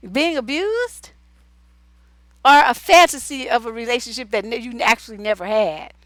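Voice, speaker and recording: A woman's voice: on the high side, brisk, a bit bright, no echo. Blunt, profane woman advice host. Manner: blunt, casual and profane, with asides while reading. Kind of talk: livestream advice show, reading viewer letters.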